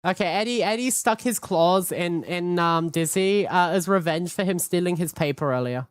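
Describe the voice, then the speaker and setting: Cheeky woman streamer, low voice. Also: normal speed, clear, resonant tone, dry recording. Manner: hyperactive, cheeky, swears freely. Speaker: VTuber streamer. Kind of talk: casual live-stream chat. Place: home streaming setup.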